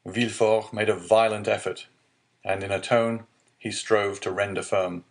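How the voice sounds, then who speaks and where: A man narrating a classic novel as an audiobook, in a measured storytelling manner. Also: lowish voice, little pitch movement. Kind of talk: scripted narration.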